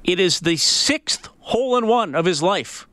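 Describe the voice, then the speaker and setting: A man's voice: high-pitched, lively intonation, a little slow, fairly bright tone, dry recording. A man hosting a sports radio show, talking casually and telling stories with plenty of fillers. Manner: casual, storytelling, many fillers.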